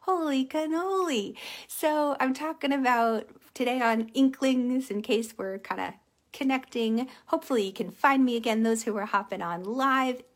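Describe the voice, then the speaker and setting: A woman hosting a casual motivational livestream, telling stories animatedly and dropping to a soft hush on key points. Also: high-pitched, normal speed. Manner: animated storytelling with acted-out quotes. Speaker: live stream host, empath coach.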